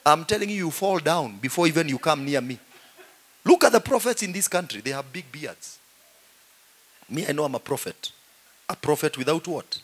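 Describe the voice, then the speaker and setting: A middle-aged man with a Kenyan accent, a pastor preaching in a joking, animated way and saying "you know" often. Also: fairly high pitch, moderate pace, long pauses, slightly rough. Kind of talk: humorous sermon.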